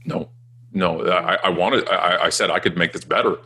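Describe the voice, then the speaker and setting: A man in his forties, a guest telling his career story in a self-mocking, animated way with frequent restarts. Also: deep voice, normal speed, a little hiss or hum. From Canada. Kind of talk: casual storytelling interview.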